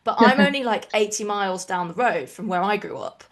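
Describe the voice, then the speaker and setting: An English woman from the East Midlands with a mostly neutral, slightly mixed accent, co-hosting a rugby podcast in an opinionated, animated chat. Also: medium pitch, a loud crowd. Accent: neutral English with a mixed regional touch. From England, East Midlands. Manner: opinionated, animated, quick asides. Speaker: podcast co-host. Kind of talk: casual chat.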